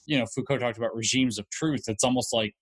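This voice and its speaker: A man's voice: mid-range voice, quick pace, husky, no room sound. A man speaking as a podcast guest, explaining ideas thoughtfully with frequent fillers. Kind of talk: casual conversational podcast.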